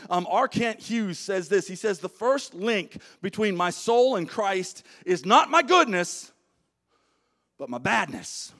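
A male pastor preaching a sermon, dropping to hushed low lines and rising to shouted calls.

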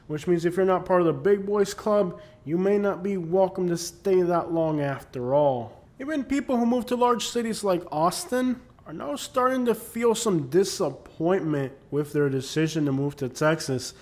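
A man's voice: sits high, moderate pace, few pauses, darkish tone. Sarcastic comedic male narrator. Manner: mocking, sarcastic. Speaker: host.

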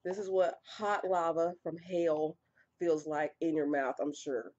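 A woman's voice: low voice, fairly even intonation, unhurried, a little mellow, dull audio. A young woman vlogging casually, exasperated and sighing, her mouth burning so she can barely talk. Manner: exasperated, sighing between lines while eating hot noodles. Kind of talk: casual vlog chat.

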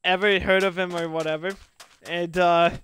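Young guy streaming games, high voice, rambly and excited, lots of uh and laughing. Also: normal speed, slight background noise. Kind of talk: casual gaming chat.

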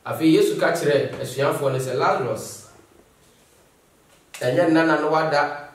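A man preaching a sermon as pastor, moving between Twi and English and reading scripture slowly. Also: a little high. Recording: echoey hall, voice from far off.

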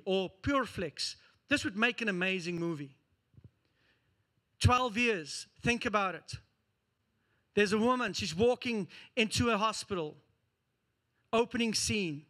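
A man preaching a sermon as pastor, telling a story with lively acted-out scenes. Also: high-pitched. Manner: animated storytelling, acting out scenes.

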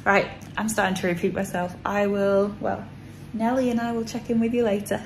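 Chatty woman with vocal fry. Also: medium pitch, level tone, a little fast, a little hiss or hum, poor audio. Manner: chatty, rambling, lots of fillers. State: tired, a bit out of breath. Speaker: vlogger. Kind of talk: casual chat to camera. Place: indoors, small room.

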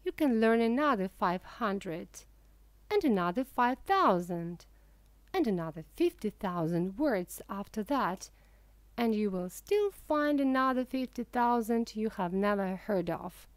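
A woman narrating a humorous audiobook for English learners, reading in a careful, even way. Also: mid-range voice, measured pace, no room sound.

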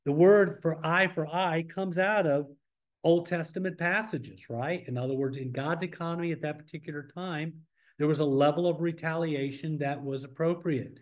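A man leading a church Bible study in a relaxed, conversational way, asking the class questions as he teaches. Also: fairly high pitch, moderate pace. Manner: informal, asks the class questions.

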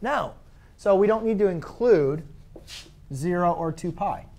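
A man's voice: high voice, animated, measured pace, darkish tone. A man teaching a math class in a conversational way. He asks his students questions and corrects his own slips as he goes. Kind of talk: classroom lecture.

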